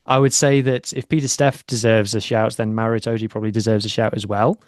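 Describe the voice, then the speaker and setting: A man's voice: lowish voice, flat delivery, brisk, a little mellow, no room sound. Chatty man, dry close sound. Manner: chatty, self-deprecating. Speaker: podcast co-host. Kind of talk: casual chat.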